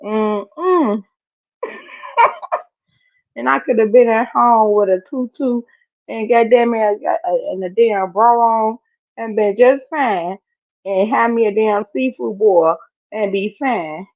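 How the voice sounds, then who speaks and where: A woman vlogger chatting casually as she reacts to clips, expressive and quick to laugh. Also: fairly high pitch, no room sound. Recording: tinny, phone-like dry sound.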